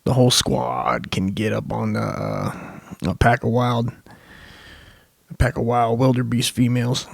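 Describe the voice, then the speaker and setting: A man's voice: medium pitch, flat delivery, measured pace, gravelly, no echo. A young man hosting a comedy podcast, rambling through a crude, profane monologue full of swearing.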